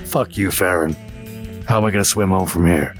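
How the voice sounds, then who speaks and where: A man voicing a big, angry male goliath who talks in a gruff, cursing way. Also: sits low, fairly quick, soft background music, pitched below the performer's own voice, close to an everyday voice.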